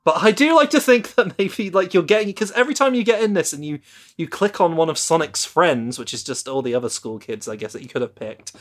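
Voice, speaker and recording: A man's voice: fairly high pitch, expressive, a little fast, fairly bright tone. A man co-hosting a casual podcast, musing and a little hesitant. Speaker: podcast co-host. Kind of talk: casual chat.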